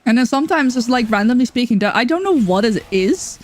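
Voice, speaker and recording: A woman streaming a game in casual chat, chatty, excitable and self-mocking. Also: a little high, a little fast.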